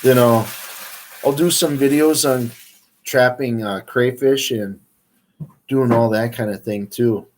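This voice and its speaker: A man's voice: medium pitch, slow pace, pauses often, a little hiss or hum. A man hosting a casual livestream, talking in a rambling, easygoing way with lots of fillers. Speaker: outdoors livestream host.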